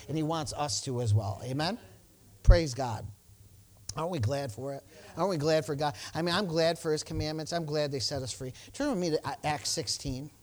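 Man preaching with lively storytelling. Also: a little high. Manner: storytelling, acts out quoted exchanges, stammering restarts; exclamations of praise. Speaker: pastor. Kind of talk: sermon.

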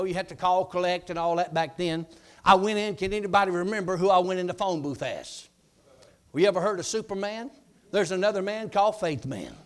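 In a high voice, a man preaches a testimony sermon, recounting his story dramatically and shouting out his declarations.

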